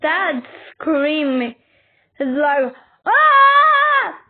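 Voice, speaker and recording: High-voiced woman, gushing reaction talk, squeals and whoops, unhurried, muffled lo-fi sound. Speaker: reaction video host. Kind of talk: excited reaction commentary.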